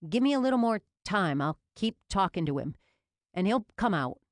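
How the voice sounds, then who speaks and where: A woman reading an audiobook, voicing a wary, angry man who shouts in defiance of police at his home gate. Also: medium pitch, sing-song, moderate pace, no echo, studio quality, pitched above the performer's own voice, natural voice. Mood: pleading.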